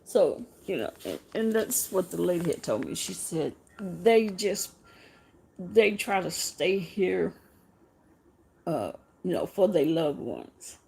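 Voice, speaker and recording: A middle-aged woman hosts a casual live chat in an unhurried, halting way, circling back over her own words. Her voice has a gravelly edge and a dark, mellow tone. Her pitch moves a lot as she talks. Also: big pitch swings. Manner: halting, repeats words, speaks softly and slowly. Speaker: show host.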